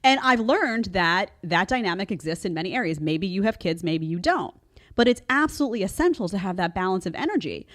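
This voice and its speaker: A woman's voice: medium pitch, lively intonation, brisk, fairly bright tone. A middle-aged woman hosting a podcast, talking in an emphatic, chatty way as she comments on a clip. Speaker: podcast host. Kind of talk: casual social commentary.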